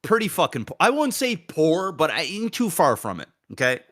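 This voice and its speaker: A man hosting a podcast, chatting casually and telling a story in a lively, profane way about his son. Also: a little high, moderate pace. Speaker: podcast host; father.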